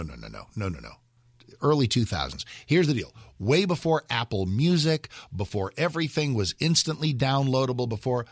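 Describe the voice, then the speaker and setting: A man hosting a radio talk show, rambling casually and jumping his voice up high for emphasis. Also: fairly bright tone, no room sound, clean studio sound.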